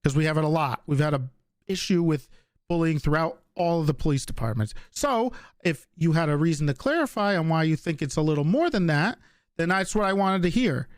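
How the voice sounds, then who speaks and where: A man's voice: on the high side, expressive, fairly quick, no room sound, clean studio sound. A man in an in-character roleplay argument, hesitant and stammering as he defends himself. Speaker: police department leader in roleplay.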